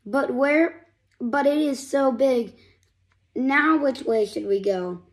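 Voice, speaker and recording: A woman reading a picture book aloud, voicing an excited young boy trying to get home, in a lively, raised storybook voice. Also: high-pitched, takes it slowly.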